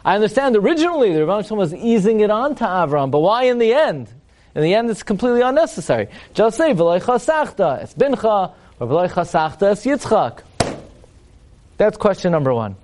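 Torah teacher, male, fairly high voice, chants verses then quips, live class. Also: sing-song, a little fast, a little mellow. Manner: rhetorical questions, wry humorous asides. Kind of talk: lecture to a live audience.

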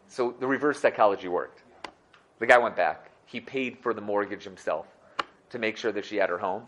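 A man teaching a Torah class, telling a story in a lively way and repeating phrases for emphasis. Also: lowish voice, normal speed.

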